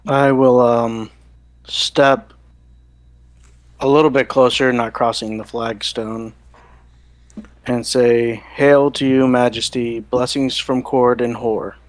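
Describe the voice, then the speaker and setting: A man playing a tabletop game, declaring his character's actions and greetings loudly and formally. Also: mid-range voice, dry recording. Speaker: player.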